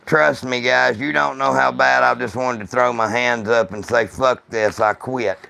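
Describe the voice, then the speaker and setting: A man hosting a casual gun-channel livestream, talking to viewers in rough, profane, blunt banter. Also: mid-range voice, level tone, moderate pace, bright, forceful tone, a little hiss or hum.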